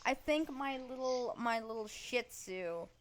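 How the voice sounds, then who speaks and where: A slightly high-voiced woman runs a casual podcast chat. She talks bluntly and sarcastically and swears freely. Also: animated, a little slow. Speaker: podcast host.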